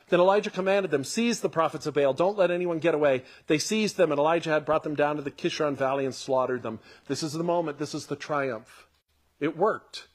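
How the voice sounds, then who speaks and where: A man preaching a conversational sermon who reads scripture aloud and comments on it, sometimes dropping to a hush for emphasis and sometimes building with excitement. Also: on the high side. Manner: earnest, drops to a hush for emphasis, then swells with excitement.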